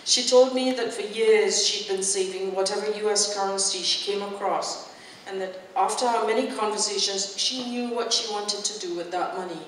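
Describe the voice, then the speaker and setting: A woman, an author, giving a live reading of her fiction in measured, intense first-person storytelling. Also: medium pitch, slight background noise. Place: festival event hall. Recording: echoey hall from far off.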